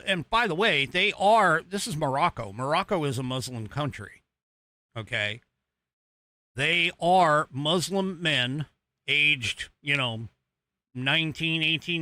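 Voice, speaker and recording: American guy hosting a politics podcast, bright voice, slow rambly talk over clips, lots of ums. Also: on the high side, dry recording. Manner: rambling, with many fillers and restarts; talks over video footage he is playing. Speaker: podcast host. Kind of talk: casual political commentary.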